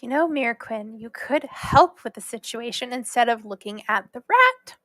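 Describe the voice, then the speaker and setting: A woman's voice: fairly high pitch, lively intonation, normal speed, pushed and bright, no room sound, clean studio sound. A woman playing a tabletop game, speaking in a composed, polite, matter-of-fact way. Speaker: player. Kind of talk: casual tabletop role-play.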